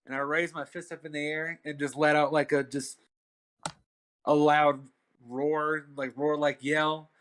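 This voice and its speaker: A man's voice: fairly high pitch, level tone, measured pace, a bit bright. A man playing a tabletop game, describing his character's actions in a laid-back, hesitant way. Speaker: player. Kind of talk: casual tabletop play.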